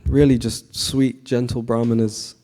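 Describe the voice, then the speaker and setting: A man with a very dark, mellow voice gives a relaxed devotional class in a temple. He talks conversationally and keeps turning to the audience with questions. His pitch is average for a man. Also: measured pace. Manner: frequent fillers and restarts, relaxed.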